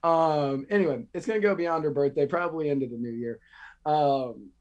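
A man's voice: fairly high pitch, normal speed, darkish tone, dull audio. A man co-hosting a casual news chat, joking as he works through his notes. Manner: chatty, joking, reads from notes. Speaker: podcast co-host.

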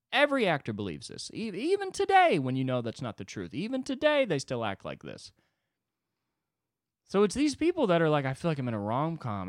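A podcast host delivers a solo comedic monologue, telling a sarcastic and profane story with dramatic swings in his voice. His pitch is medium, and the recording is dry with clean studio sound.

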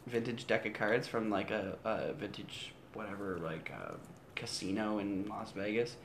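A man's voice: lowish voice, moderate pace, gravelly. Man, casual chatter, loose and profane, slight background hiss. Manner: loose, swearing, slips into mock voices. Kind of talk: casual chat.

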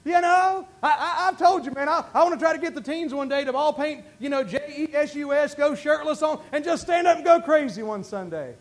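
A preacher with a very high voice for a man. He drops to quiet asides, then climbs into shouted, drawn-out bursts of praise. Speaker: pastor. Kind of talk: sermon.

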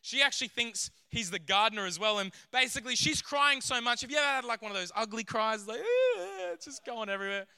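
A man preaching a sermon in an animated way, sometimes acting out voices from the story. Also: extremely high pitch, fast talker, hardly any pauses, clear, resonant tone, no room sound. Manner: animated, acts out scenes in character voices.

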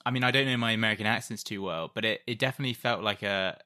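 A man co-hosting a casual film chat, measured and a little hesitant. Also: fairly low pitch, pushed and bright. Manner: hesitant, measured, many fillers. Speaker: podcast co-host.

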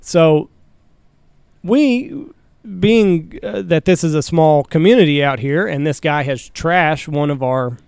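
A man's voice: fairly high pitch, takes it slowly, vocal fry, darkish tone, clean tone, no room sound, studio quality. A man co-hosting a podcast, rambling through a casual, profane story with plenty of fillers. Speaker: co-host.

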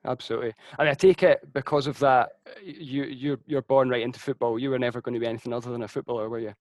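A man hosting a casual sports interview, asking questions in a relaxed, conversational way with frequent fillers. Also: medium pitch, quick pace, dry recording. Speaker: interviewer, host.

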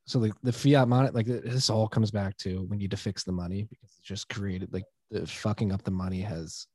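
A man co-hosting a podcast, chatting casually and explaining his views in an animated, opinionated way. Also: lowish voice, fairly quick, no echo. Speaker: podcast co-host. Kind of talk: casual conversational chat.

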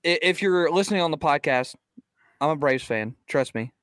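Hesitant, stammering sports podcast host. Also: male voice, fairly high pitch, expressive, moderate pace, a bit bright, no echo, studio quality. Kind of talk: casual sports chat.

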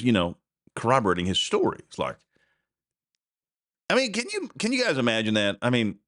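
Guy ranting solo on his podcast, pitch swings all over when he's fired up, dry close sound. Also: fairly bright tone, dry recording. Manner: indignant, rambling, voice jumps up when outraged. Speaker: podcast host. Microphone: desk mic with a censor button.

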